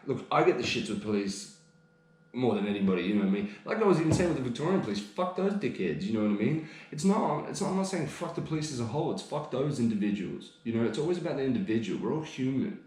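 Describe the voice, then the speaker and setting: A man's voice: medium pitch, expressive, quick pace, darkish tone. An Australian man rants on a casual podcast, heated and swearing often. His voice rings out in a very echoey room. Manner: heated, profane, ranting. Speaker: podcast co-host.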